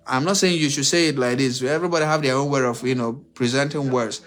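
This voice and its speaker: Man, livestream advice host, mid-pitched voice, preachy, repetitive, rhetorical questions. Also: fast, few pauses, fairly bright tone, faint music behind. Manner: addresses listeners directly and emphatically. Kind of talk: unscripted livestream monologue.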